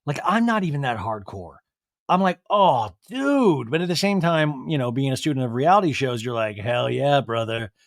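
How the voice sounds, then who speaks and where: A man hosting a podcast who recaps a reality show in a chatty, animated way and often mimics the people he quotes. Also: medium pitch, brisk, no room sound, studio quality. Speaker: podcast host.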